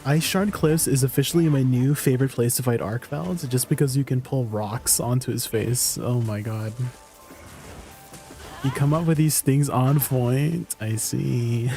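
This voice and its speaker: A man's voice: medium pitch, measured pace, gravelly, dark tone, faint music behind. A man chatting casually to viewers on a live game stream, laughing often and joking around.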